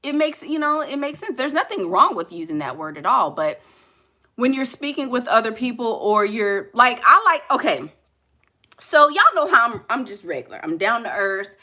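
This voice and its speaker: A woman's voice: on the high side, very animated, normal speed, sharp tone. A woman vlogger chatting casually and jokingly with her live viewers, laughing often.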